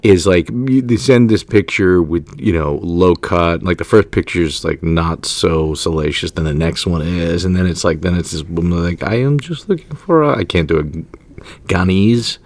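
A man hosting a casual comedy podcast, joking and animated with quick asides. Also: deep voice, dry recording. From New Jersey. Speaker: podcast host.

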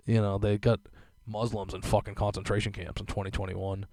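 Speaking a little fast in a flat, mellow, lowish voice, a young man hosts a podcast and rants casually. His talk is profane, rambling, and thick with fillers. There's no room sound.

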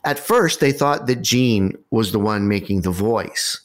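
A man hosting a podcast, telling a story in a casual, animated way with wry asides. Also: lowish voice, unhurried.

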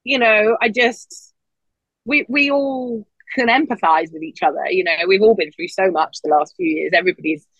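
Chatting casually on a podcast, a woman tells stories with energy and leaps into a high voice each time she quotes someone. Her voice is husky and her speed normal. The recording is dry and slightly dull, with no room sound.

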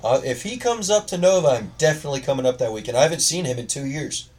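A man's voice: mid-range voice, animated, fast talker, darkish tone, distant mic. A young man in casual chat, bantering loosely and swearing as he tells a story. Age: young adult.

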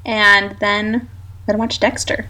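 A woman's voice: medium pitch, flat delivery, a little slow, bright, forceful tone, a little hiss or hum, poor audio. A woman in her thirties from Idaho chats in an eager, curious way. Her talk is easy and friendly as she shares bits of her day. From Idaho, USA. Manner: enthusiastic, curious, chatty. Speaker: podcast co-host. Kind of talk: casual chat.

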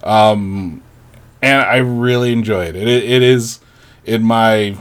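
A man's voice: fairly low pitch, steady tone, slow. A man co-hosting a podcast, chatting casually in a rambling, wry way with many fillers. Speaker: podcast co-host. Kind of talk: casual chat.

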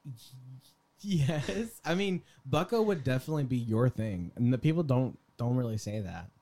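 Young man podcast co-host, middle pitch, relaxed and quick to laugh. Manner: easygoing, laughs often, trails off mid-sentence. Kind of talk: casual chat.

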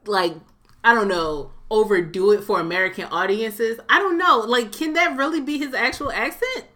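A woman's voice: on the high side, moderate pace, pushed and bright. A woman in a casual podcast chat, chatty and frank, laughing often. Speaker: podcast co-host.

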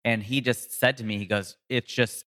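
A comedian and voice actor in a casual interview, telling stories with sudden jumps in pitch for emphasis. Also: male voice, fairly even intonation, brisk, a bit bright, in a large hall.

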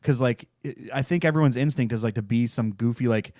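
A man's voice: medium pitch, a little fast, a little mellow, dry recording, studio quality. Profane enthusiastic man recapping TV. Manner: enthusiastic, profane, laughing often. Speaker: podcast host. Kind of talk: casual TV recap chat.

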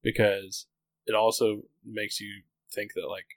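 A man's voice: on the low side, level tone, a little slow, no room sound, low-quality recording. A man in his thirties, co-hosting a podcast, talking candidly in a rambling casual chat full of "like" fillers. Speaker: podcast co-host.

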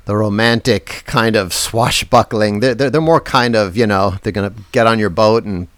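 A man's voice: on the low side, moderate pace, a bit bright, no room sound. A man co-hosting a podcast, curious and musing, laughing easily as he talks. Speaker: podcast co-host. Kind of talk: casual chat.

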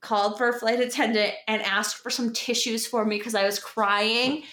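A woman with a fairly high, bright, forceful voice tells a lively story in casual conversation, slipping into quoted voices and cursing now and then. The sound carries noticeable room echo. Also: normal speed. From Denver area, United States. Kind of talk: casual chat.

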